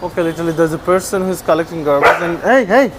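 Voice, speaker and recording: A person narrating a casual video while feeding stray dogs outdoors, talking to the dogs affectionately and calling out their names in high, coaxing calls. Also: steady tone, fast talker, very noisy. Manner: rises to high calls when summoning dogs.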